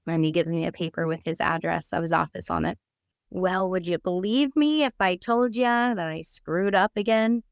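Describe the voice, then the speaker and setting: A woman with a somewhat low, smooth, clear voice shares her own life story as a podcast guest. She is earnest and open, and she vividly acts out the conversations she remembers. The sound is close and dry, with no room echo. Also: normal speed. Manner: vivid storyteller who acts out quoted dialogue; earnest and candid. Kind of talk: personal storytelling.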